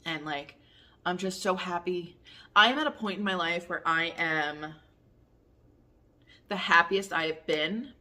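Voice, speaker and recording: Chatty low-voiced woman vlogger, bright tone. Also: unhurried, pauses often. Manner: chatty, rambling, candid with swearing. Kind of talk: casual chat to camera.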